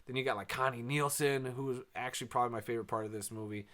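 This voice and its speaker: A man reviews a movie in a loose, unscripted way. He rambles, drops lots of fillers, and keeps a dry, sarcastic edge. He often sighs or laughs, and his voice sits at a middle pitch. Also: fairly even intonation, racing, fairly bright tone. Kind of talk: casual spoken review.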